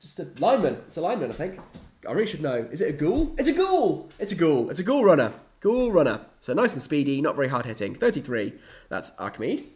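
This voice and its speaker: A young man chatting casually on a live stream, animated and playfully dramatic. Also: fairly high pitch, fast. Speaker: hobby streamer.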